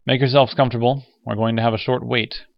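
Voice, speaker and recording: A man voicing a calm, weary male driver who explains things mildly in an audiobook. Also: mid-range voice, fast, vocal fry, no room sound, muffled recording, voice pushed up, natural voice. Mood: easy. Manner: mild, explaining.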